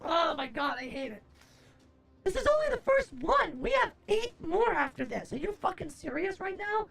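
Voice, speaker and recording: She's a young woman streaming from home with a very high voice that has a gravelly, fry-laden edge. She rambles, swears freely and snaps back at her chat in exasperation. Faint music plays behind her. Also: sing-song, moderate pace, fairly bright tone. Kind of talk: casual live-stream chat.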